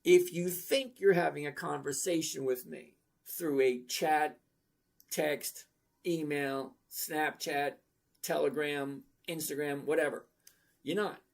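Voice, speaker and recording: A man in his sixties hosts a casual trading livestream, rambling bluntly while reading out viewers' comments. His voice is fairly high-pitched and creaky, with fairly even intonation and a slow pace.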